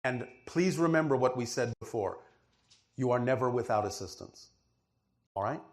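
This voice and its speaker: A man's voice: mid-range voice, lively intonation, moderate pace, darkish tone, a little hiss or hum. A man giving a channeled spiritual teaching to a questioner, with an emphatic, didactic delivery and frequent checks that he is understood. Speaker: spiritual speaker answering a questioner.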